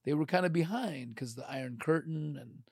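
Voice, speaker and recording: A man's voice: a little high, fairly quick, darkish tone, husky, dry recording, studio quality. A man from Ukraine talking in a loose, rambling podcast chat, full of fillers. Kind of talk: casual chat.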